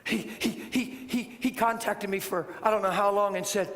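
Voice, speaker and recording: A man preaching a sermon as a story, animated and rising to shouts. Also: high voice, moderate pace. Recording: long hall reverb, faint noise.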